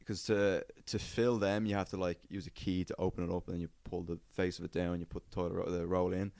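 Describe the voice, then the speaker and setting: Low-voiced man telling a story. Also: little pitch movement, fast, vocal fry, darkish tone, dry recording. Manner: swears a lot, acts out quotes in a raised voice. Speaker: podcast co-host. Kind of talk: casual chat, storytelling.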